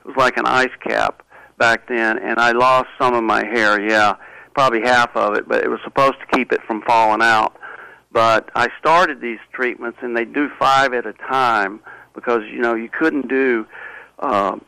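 A man being interviewed, telling a personal story in a halting, earnest way with many restarts. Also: medium pitch, steady tone, vocal fry, sharp tone, clean tone, dry recording, poor audio. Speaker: interview guest.

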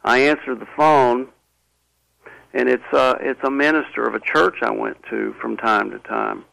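A man being interviewed, telling a personal story in a halting, earnest way with many restarts. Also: mid-range voice, steady tone, vocal fry, sharp tone, no echo, low-quality recording. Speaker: interview guest.

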